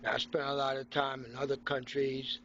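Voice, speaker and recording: A man's voice: mid-range voice, level tone, normal speed, a bit bright, lo-fi sound, a little hiss or hum. A middle-aged man from Haiti, ranting sarcastically and combatively into his phone in an indoor room. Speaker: vlogger. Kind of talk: ranting selfie monologue.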